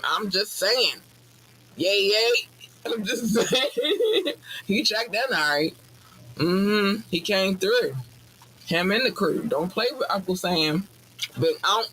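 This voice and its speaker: A woman hosting a podcast in casual chat, bubbly and effusive, squealing with excitement. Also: on the low side, slight background noise. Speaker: podcast host.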